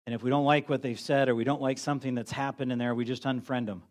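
A man's voice: mid-range voice, fairly even intonation, fast talker. A middle-aged man, a pastor, preaching a sermon in a conversational, self-deprecating way, often restarting his sentences.

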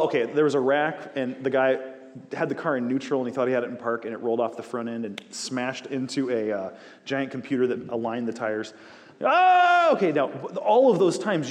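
A man preaching a sermon, animated, repeating words for emphasis and telling personal stories. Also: on the high side. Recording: long hall reverb.

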